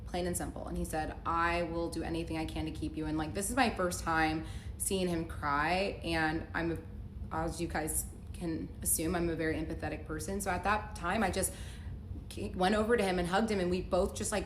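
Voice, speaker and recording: A woman's voice: on the low side, steady tone, moderate pace. A young woman telling a personal story in a casual, chatty way, full of "like" fillers and acted-out dialogue, in an echoey room. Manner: chatty, heavy use of "like" fillers, acts out quoted dialogue. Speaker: storyteller recounting a relationship. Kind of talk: casual story-time vlog. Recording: echoey room with faint noise.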